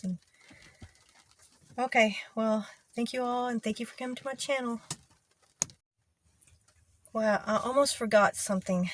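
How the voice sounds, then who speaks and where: A young woman from Texas with a Texas twang, talking casually to her channel in an easygoing, rambling way with many pauses and ums. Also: mid-range voice, slight background noise. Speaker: video creator. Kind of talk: casual talk to camera.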